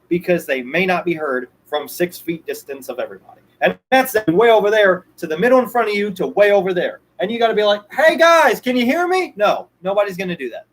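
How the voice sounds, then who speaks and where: A young man with a high voice streams a ranting monologue, emphatic and repetitive, swearing now and then. The recording is low quality.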